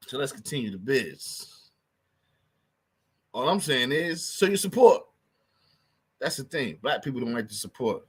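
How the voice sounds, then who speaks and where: A man's voice: mid-range voice, slightly rough. A man hosting his own podcast, talking loosely in casual street slang and repeating himself for emphasis. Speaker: podcast host.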